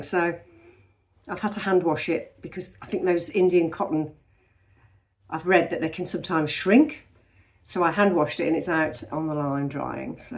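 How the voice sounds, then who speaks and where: A woman's voice: on the low side, a little mellow. English woman, 50s, Midlands tinge, slightly nasal, rambling vlogger. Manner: chatty, rambling, self-deprecating. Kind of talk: casual chat.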